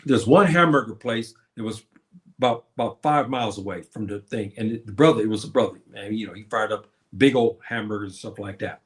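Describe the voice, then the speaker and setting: A man's voice: on the low side, brisk. A man around seventy chatting casually to viewers on his livestream, rambling and reminiscing with many fillers and restarts. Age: 70s. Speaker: livestream host.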